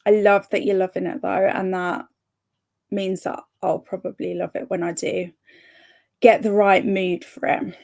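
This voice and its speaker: A woman's voice: medium pitch, level tone, unhurried, gravelly, darkish tone. Bubbly chatty woman streamer. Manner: chatty, bubbly, laughs often, trips over words. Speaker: livestream host of reading sprints. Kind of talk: casual live chat reading out comments.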